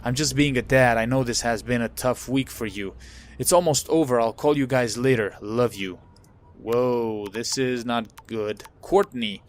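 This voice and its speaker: A man's voice: mid-range voice, a little slow. A man playing a story game for a let's play video, reading the on-screen texts aloud with casual asides and fillers.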